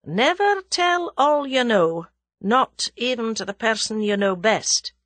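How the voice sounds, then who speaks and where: A woman voicing a guarded older gentleman who speaks in clipped, measured words. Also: on the high side, animated, no echo. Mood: cautioning.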